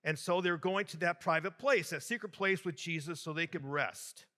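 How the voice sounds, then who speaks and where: A man's voice: fairly high pitch, moderate pace, pushed and bright. A man from Michigan, a bishop, preaching a homily to a youth conference in a large hall, telling jokes and addressing the crowd with animation.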